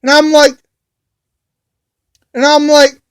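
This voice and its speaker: A man recounts a run-in with police in an angry, profane rant. His voice sits high, and he circles back to the same phrases over and over. He talks at a slow, dragging pace. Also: level tone. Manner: profane, repetitive, heated.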